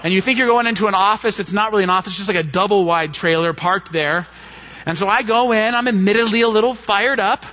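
A man telling a story from the pulpit, animated and quick to act out what each person said. His voice sits high and sounds bright and forceful. The recording is dull and muffled. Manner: animated storyteller, acts out quotes. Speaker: pastor. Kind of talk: sermon storytelling.

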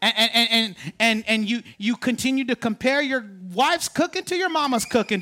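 A man preaching a sermon as pastor, animated, calling on the congregation to respond and jumping up in pitch for emphasis. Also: moderate pace, hardly any pauses.

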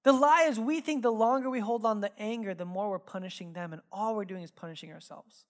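A woman's voice: medium pitch, fast talker. Candid, conversational woman preaching a sermon. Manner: conversational, candid storytelling with many fillers; swings between lively emphasis and quiet, hushed reflection. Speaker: pastor.

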